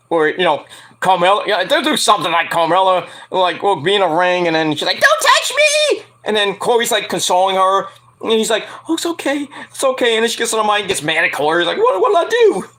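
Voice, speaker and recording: A man's voice: sits high, fairly bright tone. A man hosting a casual wrestling news show, rambling and profane, laughing at his own jokes. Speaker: podcast host.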